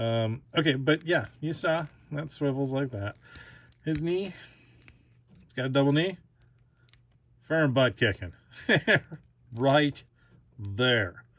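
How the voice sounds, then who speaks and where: Giggly, slow-talking man reviewing toys. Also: mid-range voice, fairly bright tone. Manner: giggly, halting, often restarts sentences. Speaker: toy reviewer, channel host. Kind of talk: casual toy review.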